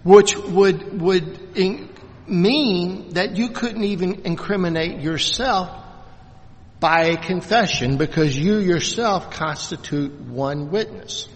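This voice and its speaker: Man teaching in a reverberant hall. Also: sits high. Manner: halting, many restarts and fillers, self-deprecating. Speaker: Bible teacher. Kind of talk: unscripted church class teaching. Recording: distant mic, long hall reverb.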